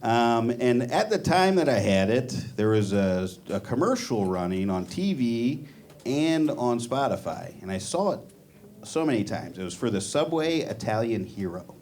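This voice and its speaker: A man doing a stand-up comedy set on a club stage, with a deadpan, self-deprecating delivery. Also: mid-range voice, a little slow, slight background noise. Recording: live club audience. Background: laughing audience.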